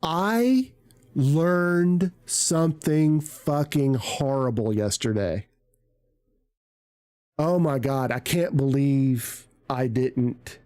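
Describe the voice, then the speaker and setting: A man's voice: mid-range voice, extremely slow, mellow, smooth, no room sound. Dry-voiced cursing streamer man. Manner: rambling, profane, self-mocking. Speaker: live streamer. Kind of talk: casual stream chat. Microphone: desk microphone on arm.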